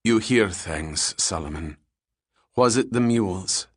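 A man's voice: sits low, expressive, slow, husky, no room sound, clean studio sound, full character voice. A man reading an audiobook, voicing a female antiquities agent who asks direct, pressing questions. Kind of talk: audiobook character voice.

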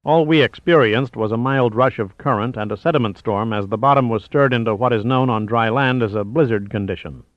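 A man voicing a terse, stony male commander who speaks quietly. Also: medium pitch, brisk, few pauses, no echo, muffled recording, close to an everyday voice. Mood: steady.

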